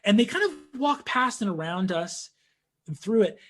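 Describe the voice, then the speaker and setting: A young man telling a story in casual conversation, animated and full of fillers, acting out what people said. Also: high-pitched, moderate pace. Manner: animated storytelling, acts out quotes, frequent fillers.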